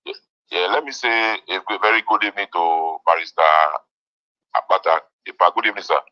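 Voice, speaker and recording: A man's voice: sits low, brisk. A man calling in to a radio show, asking questions politely and hesitantly. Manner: hesitant, polite, full of restarts. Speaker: caller. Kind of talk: phone-in question. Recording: muffled phone-in line.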